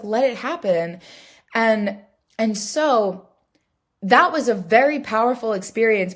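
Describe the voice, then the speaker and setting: A woman hosting a solo podcast, telling a personal story in a candid, reflective way, full of fillers and restarts. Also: mid-range voice. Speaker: podcast host.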